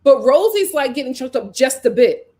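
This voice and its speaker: A woman's voice: high-pitched, sing-song, normal speed, mellow. A woman hosting a casual reality TV recap, chatty and opinionated, often laughing and full of "like" and "you know". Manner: laughs often while talking. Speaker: host.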